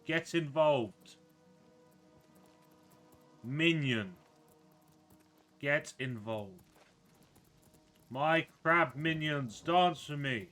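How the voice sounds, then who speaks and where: A man's voice: lively intonation, drawn-out words, long pauses, a bit bright, soft background music, heavily acted. A man voicing a pompous self-crowned male wizard who bellows commands at his crab minions, improvised while gaming. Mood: grandiose commanding. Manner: booming, grandiose proclamations.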